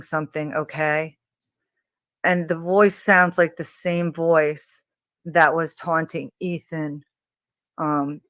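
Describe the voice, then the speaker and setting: A woman hosting a true crime channel, describing audio clips in a hesitant way with many pauses and fillers. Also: low-pitched, clear, resonant tone, dry recording. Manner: hesitant, many ums, slow and even.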